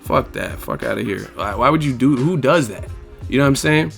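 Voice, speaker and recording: A man's voice: medium pitch, lively intonation, a little fast, gravelly, fairly bright tone, faint music behind. A man vlogging his blunt, candid opinions in casual, slang-heavy talk, often adding "you know what I'm saying". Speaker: vlogger answering viewer questions.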